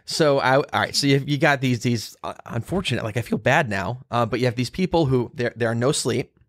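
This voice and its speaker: A male host leads a casual interview with eager, rambling questions full of restarts. His voice sits at a middle pitch, and the sound is dry and close with no room echo. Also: fairly quick, a bit bright. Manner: eager, lots of fillers and restarts, frequent reactions. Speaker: podcast host.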